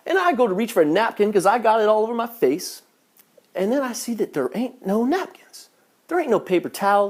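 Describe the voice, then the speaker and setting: Man, comedic storytelling, lively swooping pitch, exasperated, profane. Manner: profane, exasperated, animated punchlines. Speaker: vlogger telling a travel story.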